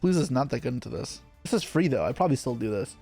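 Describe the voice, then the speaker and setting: Playing an online card game on stream, a man narrates every move in live commentary. His voice is mid-pitched, creaky and husky, with lively intonation, and his rapid muttered asides run into each other as he reasons aloud. Soft music sits faintly underneath.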